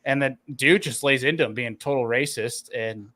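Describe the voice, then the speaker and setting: A man's voice: medium pitch, moderate pace, sharp tone. A man hosting a fishing podcast, telling a story in a rambling, casual way. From New York, US. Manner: rambling, filler-heavy. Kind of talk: casual chat.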